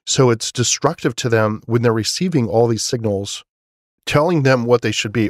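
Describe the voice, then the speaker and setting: A man's voice: mid-range voice, normal speed, no echo. Casual rambling man, dry close mic. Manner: casual, rambling, many fillers and restarts; enthusiastic about his setup. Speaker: podcast host. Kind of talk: solo podcast monologue.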